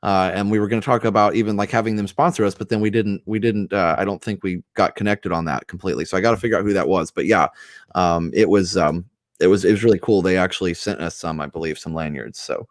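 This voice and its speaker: A man hosting a live stream, chatting casually with viewers in a relaxed way and laughing often. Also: low-pitched, quick pace, no room sound, studio quality.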